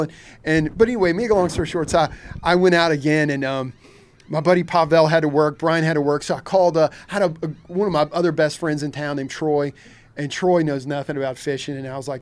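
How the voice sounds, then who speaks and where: A man's voice: a little high, fast. A man from Kentucky, a charter fishing captain, telling stories casually with lots of laughter and restarts. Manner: animated, laughs often, frequent restarts and filler. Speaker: shark fishing charter captain, podcast guest. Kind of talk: casual storytelling.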